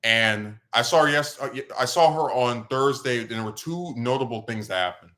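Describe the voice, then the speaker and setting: A male podcast host in loose, casual conversation. He rambles through a story, and his voice leaps higher whenever he gets worked up. His pitch sits in the middle range. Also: normal speed. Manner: rambling, animated, voice jumps up when excited.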